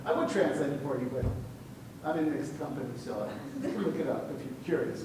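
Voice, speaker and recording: Animated man lecturing in an echoey room. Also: fairly quick, long pauses. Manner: animated, playful, self-interrupting. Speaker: poetry teacher. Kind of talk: classroom lecture. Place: classroom. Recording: echoey classroom with faint rumble.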